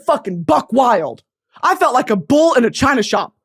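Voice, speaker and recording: A woman in her twenties hosting a podcast, telling a comedic story in a self-mocking, animated way, jumping between loud bursts and low mutters. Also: moderate pace, slightly rough. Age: 20s. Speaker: podcast host.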